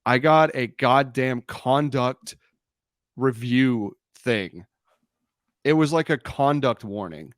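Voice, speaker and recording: A man's voice: mid-range voice, takes it slowly, no echo. Young podcast host guy, blunt and jokey, swears a lot, dry sound. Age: young adult. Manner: blunt, joking, swears freely. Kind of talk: casual chat.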